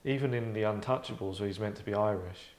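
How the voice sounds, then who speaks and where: A man with a lowish voice hosts a casual chat, wry and chatty. He talks freely and loosely, and the room sounds roomy and echoey. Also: fast, a little mellow. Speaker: host. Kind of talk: casual discussion. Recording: roomy echo.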